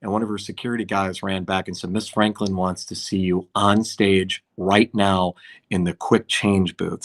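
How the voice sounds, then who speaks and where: A man, a concert promoter, telling anecdotes in a casual podcast chat and acting out what others said. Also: lowish voice. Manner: animated anecdote-telling, acts out quotes.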